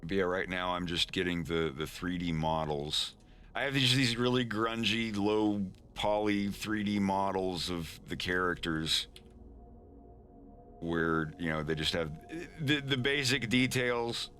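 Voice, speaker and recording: A man's voice: deep voice, a little slow, a bit bright. A man casually chatting on a live stream while he animates, rambling with stammered restarts and frequent chuckles. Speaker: animator streaming his work.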